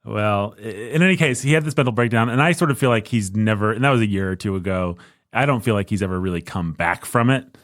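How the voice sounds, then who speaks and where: A low-voiced man talks through a relaxed podcast conversation, wandering through his points with jokes and restarts. The sound is close and dry, with no room sound. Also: fast talker, no room sound. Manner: rambling, self-interrupting, jokey. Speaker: podcast co-host. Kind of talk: casual podcast chat.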